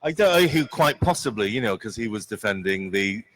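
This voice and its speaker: A man answering as a panel guest, halting with many fillers and dry jokes. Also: lowish voice, animated, a bit bright. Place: large arena convention stage.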